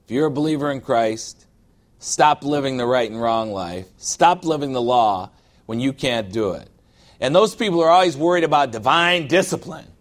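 A man's voice: mid-range voice, normal speed. A pastor preaching a sermon in a loose, conversational style, calling for amens from the congregation and briefly mimicking people as he talks.

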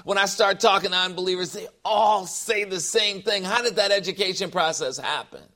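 A middle-aged man preaching a sermon, animated and full of joking asides and rhetorical questions. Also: high voice, moderate pace. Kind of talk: sermon with humor.

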